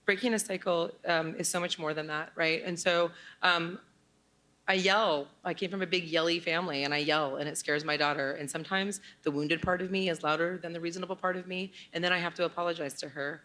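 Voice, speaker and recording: A woman in her forties tells a true story from her own life in front of an audience. She speaks candidly and bluntly, with casual swearing. Her voice sits a little low yet sounds bright and sharp. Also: fairly even intonation, brisk. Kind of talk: live personal storytelling.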